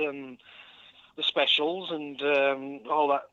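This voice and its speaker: A caller with a bright, somewhat high voice, clowning in a mock-posh way. The call comes through a dull, muffled phone line with little room sound. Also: male voice, fairly even intonation, slow pace, clean tone, dry recording. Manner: jokey, mock-posh, calls the host dear boy. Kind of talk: casual comic phone chat.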